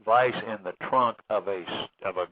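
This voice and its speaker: Deep-voiced man on a tinny phone line. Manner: halting, many fillers and restarts. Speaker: author guest. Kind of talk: phone interview recounting a case.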